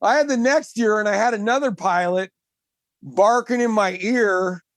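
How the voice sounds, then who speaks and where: A man, a marathon swimmer and guest, telling his story in casual chat, animated and emphatic, laughing often. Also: high-pitched, moderate pace, no room sound.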